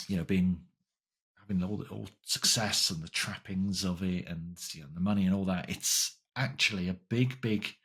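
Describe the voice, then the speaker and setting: Husky low-voiced man. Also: fairly bright tone. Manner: conversational, frequent fillers, emphatic repetition. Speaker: podcast host. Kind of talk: casual monologue.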